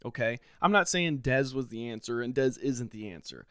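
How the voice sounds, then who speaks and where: A man of middle pitch rants alone on his podcast, frustrated and sarcastic. His voice keeps leaping up in pitch and volume when he gets worked up. He is close to the mic in a very dry, dead-sounding room. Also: animated, moderate pace, fairly bright tone, clean tone, dry recording. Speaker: podcast host. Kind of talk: solo sports rant.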